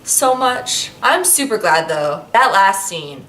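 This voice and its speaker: Female book vlogger, bright tone, chatty and effusive, casual delivery. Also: mid-range voice, big pitch swings, takes it slowly. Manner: gushing, chatty, lots of "like" fillers. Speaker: book reviewer. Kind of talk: casual vlog chat.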